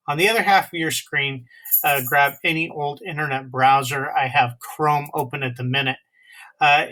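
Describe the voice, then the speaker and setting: A man teaching a web coding lesson step by step, in a halting way with many pauses and fillers. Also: a little high, pushed and bright, poor audio. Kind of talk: screen-recorded coding lesson.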